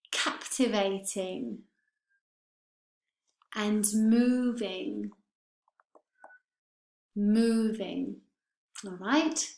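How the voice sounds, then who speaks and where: A woman teaching English pronunciation, careful and clear, repeating words for her students. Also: on the high side, darkish tone. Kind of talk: online lesson. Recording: roomy echo.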